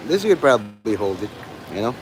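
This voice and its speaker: A man's voice: fairly low pitch, very animated, a little fast, poor audio. Middle-aged guy rambling outside in the rain, crude and cussing, bit of traffic noise behind him. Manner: rambling, crude, swears loudly at the sky. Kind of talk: rambling outdoor livestream monologue. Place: outdoors in the rain near traffic.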